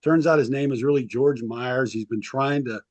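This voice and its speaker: A man's voice: medium pitch, moderate pace, a little mellow, dry recording, highs cut off. A man, a sports historian being interviewed, telling long anecdotes casually, with lots of ums and little acted-out quotes. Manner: rambling anecdotes with frequent ums, acts out quotes. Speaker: sports historian and author, guest.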